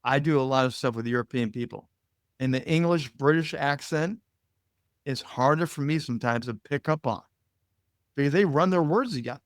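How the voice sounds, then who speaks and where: Lively Midwestern American man with a dry sound. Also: mid-range voice, moderate pace, no room sound. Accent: American Midwestern, Indiana. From United States. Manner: animated and expressive, laughs easily, acts out voices in quotes. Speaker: guest, media coach and broadcaster. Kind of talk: casual interview talk.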